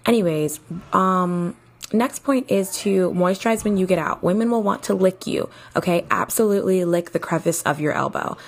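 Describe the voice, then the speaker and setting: A woman's voice: on the low side, moderate pace. A young woman hosting a casual advice podcast, chatty and playful like a big sister, a little tired. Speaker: podcast host.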